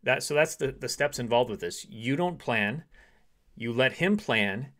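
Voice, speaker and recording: A man's voice: mid-range voice, lively intonation, measured pace. Man coaching women on dating. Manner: acts out short quoted dialogues in softer voice.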